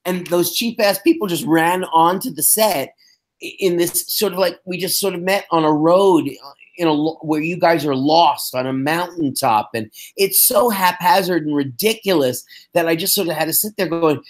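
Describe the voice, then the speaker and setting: A man's voice: on the high side, moderate pace. A middle-aged man co-hosting a podcast, recapping an episode in a wry, sarcastic casual chat. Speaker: podcast co-host.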